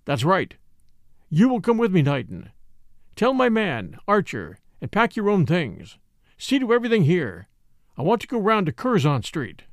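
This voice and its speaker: A man voicing a gruff, commanding middle-aged millionaire father in an audiobook, talking bluntly and curtly. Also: sits high, huge pitch swings, moderate pace, no room sound, studio quality. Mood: curt, urgent.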